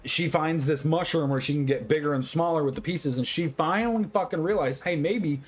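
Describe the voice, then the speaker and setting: A tipsy man giving a casual movie review, rambling, swearing constantly and getting excitable. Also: on the high side, fairly quick. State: tipsy, drinking.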